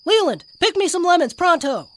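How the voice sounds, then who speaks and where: A woman's voice: very high-pitched, lively intonation, brisk, a bit bright, a little hiss or hum. A woman voicing a polite, naive young boy selling hot dogs in a cartoon, earnest and overly formal. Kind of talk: cartoon voice acting.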